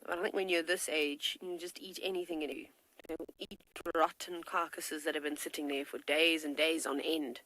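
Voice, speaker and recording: A woman presenting a live wildlife broadcast, chatting warmly and enthusiastically about lions feeding. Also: low voice, steady tone, a little fast, low-quality recording.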